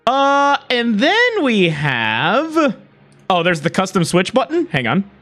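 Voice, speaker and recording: A livestreamer chatting casually to viewers, excitable and quick to laugh, swearing casually. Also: medium pitch, soft background music.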